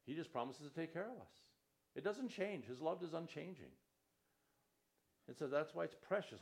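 A man's voice: a little high, vocal fry. A male pastor preaching a sermon, reading scripture aloud with rising emphasis.

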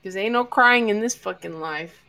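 A woman's voice: mid-range voice, normal speed, gravelly, sharp tone. A young woman in casual chat, brash and teasing, with a lot of swearing.

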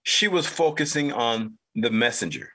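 A podcast host in his fifties, originally from North Carolina in the United States, tells a rambling, repetitive personal anecdote in a casual storytelling monologue. His medium-pitched voice is pushed and bright, with lively intonation at a moderate pace.

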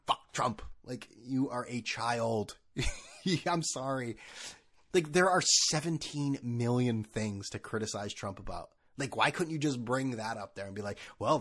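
A man's voice: fairly high pitch, a bit bright. A man hosting a podcast, ranting sarcastically with profanity, stammering restarts and laughs at his own jokes. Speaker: podcast host. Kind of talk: casual ranting monologue.

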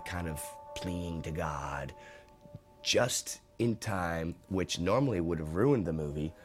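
Deep-voiced animated male storyteller. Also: creaky. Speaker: actor recalling a film shoot. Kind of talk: anecdotal interview.

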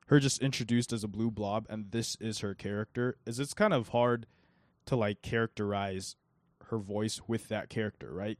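A young man co-hosting a podcast chats casually about a film, rambling and filling his sentences with fillers. His voice is at an ordinary middle pitch, and the recording is close and dry with no room sound.

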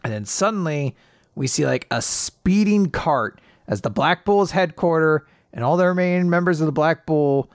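A man co-hosting a casual podcast, retelling manga chapters with animated delivery and quick character voices. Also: on the high side, no echo, studio quality. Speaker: podcast co-host.

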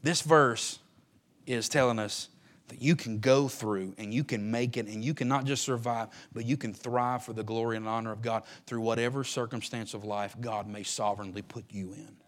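A man preaching a sermon to his church. He swings from shouted, drawn-out lines to quiet, fast, joking asides. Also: mid-range voice, steady tone. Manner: folksy, joking. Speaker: pastor. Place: church sanctuary.

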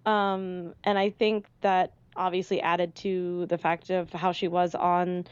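A woman on a casual fan podcast, talking at length in an animated, rambling way with many fillers. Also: lowish voice, slow, smooth, no room sound. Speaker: podcast panelist. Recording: dull lo-fi dry sound.

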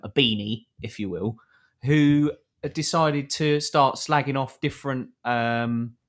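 A man with a Southeast English accent co-hosting a live podcast, rambling in casual chat with lots of fillers. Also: medium pitch. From Southeast England. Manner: rambling, many fillers and restarts. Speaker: podcast co-host.

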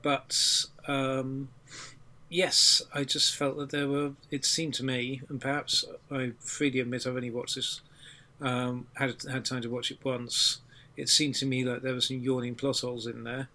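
Casting: man, bright tone, flat delivery, chatty panelist who hedges his opinions. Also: medium pitch. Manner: measured, hedging, self-qualifying. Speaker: podcast panelist. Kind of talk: casual chat.

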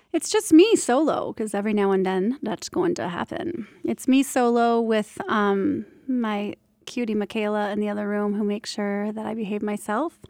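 A woman, hosting a casual solo podcast, chatty and candid with quick restarts. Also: medium pitch, darkish tone, dry recording, studio quality. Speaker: podcast host and birth doula.

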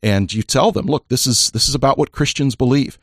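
A man's voice: medium pitch, a little fast, gravelly, dry recording, studio quality. A man who is a pastor and podcast host, joking with guests and then earnestly explaining a church program. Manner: jovial, earnest when explaining. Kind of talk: casual chat and enthusiastic endorsement.

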